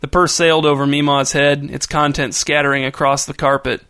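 Man reading a story aloud, bright clear voice, kinda high, super dry sound. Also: little pitch movement, fairly quick, no room sound. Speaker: narrator. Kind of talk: audiobook narration.

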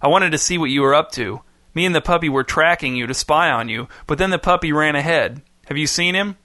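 A man voicing an excitable, anxious young boy in a storybook reading, his voice pitched high and strained. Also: brisk, no room sound, clean studio sound.

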